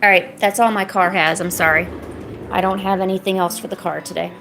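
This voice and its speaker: A young woman streaming, coaxing and teasing her cat in a playful, high-pitched baby-talk voice. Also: fairly even intonation, brisk, gravelly, fairly bright tone, a little hiss or hum. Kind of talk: live-stream chat.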